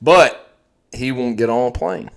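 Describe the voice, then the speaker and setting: A man's voice: mid-range voice, a little slow. A young man, telling stories in casual, profane podcast chat as host. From Texas. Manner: profane, animated storytelling.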